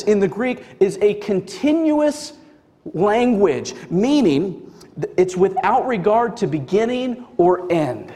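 A man's voice: sits high, animated, a little slow, mellow, big-room sound. A man preaching a sermon to a congregation, emphatic and conversational, full of casual fillers. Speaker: pastor. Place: church sanctuary.

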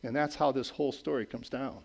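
A middle-aged man preaching a sermon in a conversational way, checking in with "okay?" and "right?" and moving between raised emphatic lines and quiet low asides. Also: fairly even intonation, brisk, vocal fry. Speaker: pastor.

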